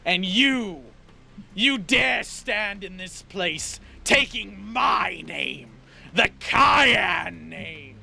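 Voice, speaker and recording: A man voicing a cruel tyrant father who speaks in a booming, echoing voice and hurls slow, menacing insults. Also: expressive, vocal fry, bright, forceful tone, a little hiss or hum, exaggerated voice. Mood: furious.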